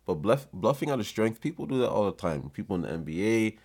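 Deep-voiced swaggering podcast storyteller, a man. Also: sing-song, a little mellow. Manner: swaggering, profane, unhurried. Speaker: podcast host. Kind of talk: casual storytelling.

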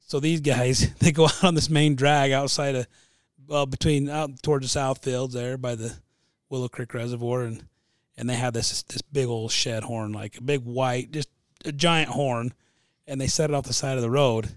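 A man's voice: medium pitch, fairly even intonation, moderate pace, no room sound, clean studio sound. A man in a casual chat, rambling through a funny story and laughing between sentences.

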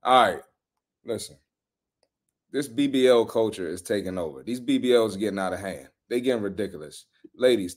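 Man, fitness podcast host, casual reaction commentary, blunt slangy delivery, medium voice. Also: mid-range voice. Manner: blunt, animated, slangy trash talk.

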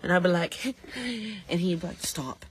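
Laughy woman on a podcast, kinda husky, telling stories casual. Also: lowish voice, unhurried. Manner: laughing storyteller. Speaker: podcast co-host. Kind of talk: casual chat.

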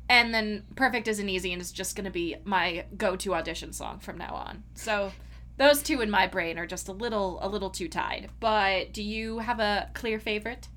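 Giggly bright-voiced woman chatting. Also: mid-range voice, normal speed. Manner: giggly, gushing, quotes lines in put-on voices. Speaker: podcast co-host. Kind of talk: casual chat.

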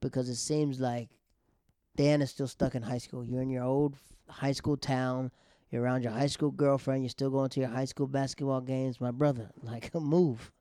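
A man's voice: medium pitch, little pitch movement, moderate pace, warm tone, smooth, no echo, clean studio sound. A man casually recapping a TV episode in loose slang, joking about the writers as he goes. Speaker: TV show recapper.

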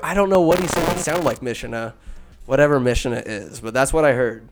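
A man casually recapping a film, rambling, swearing and telling the story with animated asides. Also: on the high side, a little slow, faint music behind.

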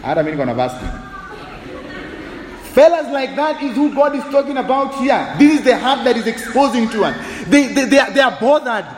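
A man preaching a sermon with animated, humorous delivery, mixing English and Swahili. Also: extremely high pitch, brisk, few pauses, reverberant, long reverb tail, a little hiss or hum, poor audio. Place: church sanctuary.

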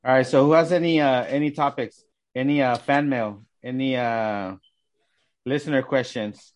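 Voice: mid-range voice, normal speed. A podcast host in casual chat who laughs often and switches between English and Spanish.

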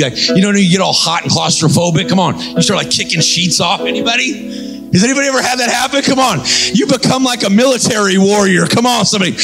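A man preaching an energetic sermon, telling a story and calling out to the congregation. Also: high-pitched, gravelly. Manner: animated, calls out to congregation.

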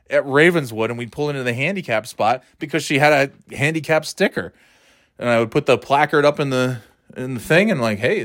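A middle-aged man hosting a podcast and telling stories casually, rambling and swearing, and jumping into a high shout when he acts out his own outbursts. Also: dry recording, clean studio sound. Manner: rambling and profane, with frequent fillers. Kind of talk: casual comedic storytelling.

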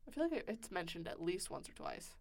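A young woman co-hosting a casual book podcast, chatty, with quick playful asides. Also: on the low side, big pitch swings, gravelly, darkish tone. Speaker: podcast co-host. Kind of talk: casual book-club chat.

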